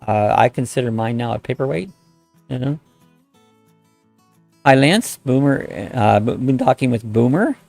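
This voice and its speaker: Faint music sits quietly behind a middle-aged man with a gravelly, rough, mid-range voice as he hosts a relaxed live-stream chat. He reads out comments and greets viewers by name in a rambling, folksy way, keeping a measured pace with long pauses. There's no room sound.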